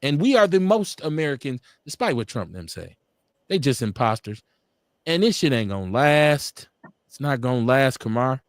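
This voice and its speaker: A man's voice: mid-range voice, sing-song, moderate pace, no echo, clean studio sound. A man hosting a live online talk show, speaking with fervent, profane, preacherly conviction and driving his points home through repetition. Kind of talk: impassioned political talk-show commentary.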